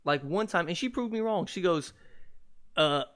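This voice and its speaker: A young man holds forth on his own podcast in a casual, rambling rant. His voice sits a touch high for a man, and he talks in an animated, joking way, swearing freely. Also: normal speed. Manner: profane, animated, jokey. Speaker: podcast host.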